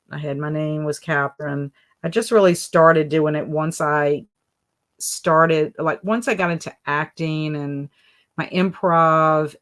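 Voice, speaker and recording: A chatty woman with a deep voice hosts a livestream, reading out chat comments in casual talk. She rambles and uses plenty of fillers while soft music plays in the background.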